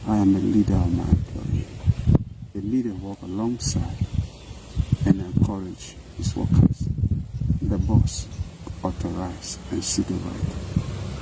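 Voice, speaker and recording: Deep-voiced Nigerian man, earnest and emphatic. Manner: earnest, emphatic, repetitive oratory. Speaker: company CEO and farmer. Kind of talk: on-site interview monologue. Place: outdoors on a cucumber farm. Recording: outdoor noise with passing vehicles.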